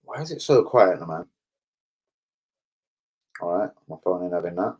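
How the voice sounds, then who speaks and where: A man with a London accent, his voice sitting on the low side, runs a casual livestream and chats straight to his viewers. His banter is blunt and heavily laced with swearing. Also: animated, a little slow, long pauses, a little mellow, low-quality recording. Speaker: livestream host.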